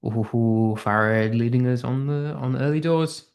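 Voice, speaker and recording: A man's voice: mid-range voice, unhurried, a little mellow. A man with a British accent teaching an online English class, upbeat and thinking aloud as he reads out quiz answers. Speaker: English tutor.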